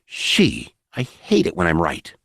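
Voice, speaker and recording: A man's voice: low-pitched, huge pitch swings, a little slow, gravelly, a bit bright, slightly rough, dry recording, studio quality, full character voice. A male narrator voicing a nervous, sarcastic young soldier who cracks jokes under pressure. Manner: sarcastic, jittery quips.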